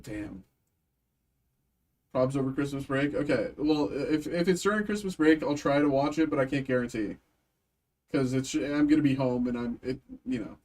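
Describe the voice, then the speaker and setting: Guy ripping packs on a live stream, rattles off card names, average pitch, talks back to chat. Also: a little mellow. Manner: chatty with chat viewers, thanks buyers. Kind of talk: live stream pack opening.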